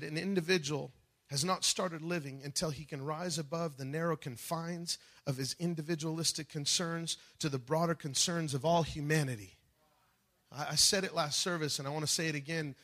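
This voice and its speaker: A man preaching a sermon with passion, swinging between loud, rising peaks and soft, low drops, acting out quoted voices along the way. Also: husky. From United States. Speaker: pastor.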